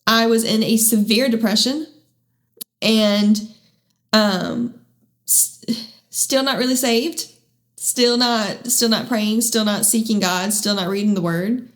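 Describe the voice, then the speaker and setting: A woman hosting a podcast, sharing her personal faith testimony at home in a candid, halting way, with many restarts and self-deprecating asides. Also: fairly high pitch. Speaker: podcast host.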